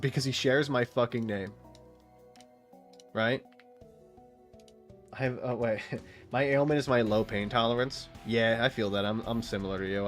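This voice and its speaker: Animated, rambling man in his late twenties. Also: medium pitch. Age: late 20s. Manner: rambling, profane, animated storytelling. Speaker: streamer. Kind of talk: casual gaming chat.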